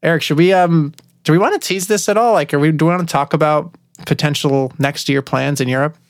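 Gravelly-voiced joking male host. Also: fairly high pitch, brisk, dry recording, studio quality. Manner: joking, self-mocking. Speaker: podcast host. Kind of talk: casual chat, reading listener questions.

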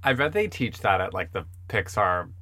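Podcast co-host: man, low voice, bright and animated, playful, dry sound. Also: moderate pace, no room sound. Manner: playful, jokey, does silly bits. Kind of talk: casual chat.

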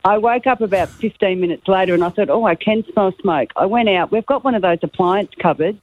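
A woman's voice: medium pitch, a little fast, slight background noise. A woman phoning in to a radio show, telling her story in a friendly way. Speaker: caller. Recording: dull lo-fi phone line.

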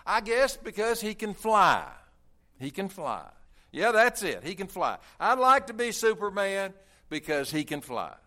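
Man playing a busy dad, distracted, reluctant, slow delivery. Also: high-pitched, sing-song, bright, forceful tone, pitched above the performer's own voice, heavily acted. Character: busy, distracted father at his desk.

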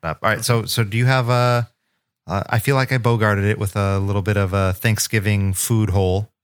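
A man co-hosting a podcast in casual chat, often laughing and making quick jokes. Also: on the low side, flat delivery, clear, resonant tone. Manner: laughing, joking listener. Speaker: podcast co-host.

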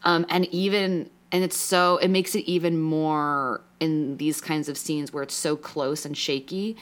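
A young woman in casual podcast chat, her voice sitting a little low for a woman. She rambles and restarts, stacking "like" fillers as she talks through her feelings. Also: measured pace. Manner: rambling, many "like" fillers, emotional and animated. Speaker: podcast co-host.

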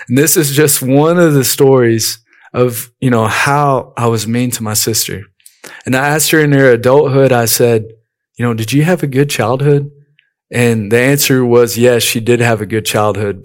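A man delivering a sermon in an easygoing, conversational manner. He mixes scripture points with personal anecdotes and frequently drops in "you know". His voice sits at an ordinary middle pitch for a man. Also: smooth. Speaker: preacher.

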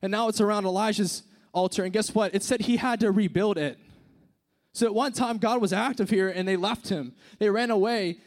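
A man delivers a sermon in a relaxed, conversational way, his voice sitting fairly high. He drops low and quiet for dramatic moments, then climbs into emphatic bursts. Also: fairly quick. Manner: conversational, swings from hushed to emphatic.

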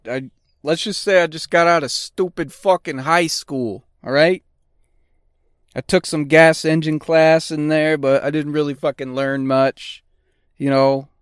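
Man in his forties, podcast host, profane and joking, clear smooth voice, dry close mic. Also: medium pitch, dry recording. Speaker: podcast host, auto technician. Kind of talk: casual solo podcast talk.

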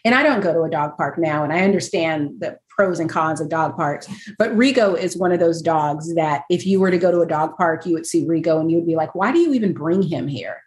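Chatty self-mocking woman, lowish voice. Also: fairly quick, few pauses, roomy sound. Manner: chatty, self-deprecating, laughs often. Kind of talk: casual chat.

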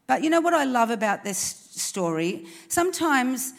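A woman's voice: high-pitched, big pitch swings, moderate pace, gravelly. Woman, preacher, earnest sermon, encouraging, rhetorical questions, church service.

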